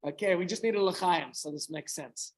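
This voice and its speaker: A man's voice: sits high, normal speed, low-quality recording. A middle-aged man, a rabbi, giving an informal talk to a small group, telling a story with chatty asides and questions to his listeners.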